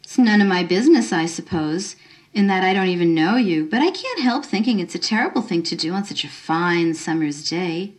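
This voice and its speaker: A woman voicing a kind, unflustered middle-aged woman who talks gently and encouragingly. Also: fairly low pitch, animated, moderate pace, close to an everyday voice. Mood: gentle.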